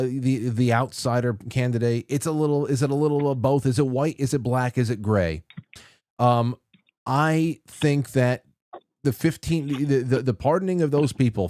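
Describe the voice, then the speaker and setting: A man's voice: mid-range voice, darkish tone, dry recording, studio quality. Rambling male call-in show host. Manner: rambling, with frequent restarts and chuckles. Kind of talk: casual call-in talk show.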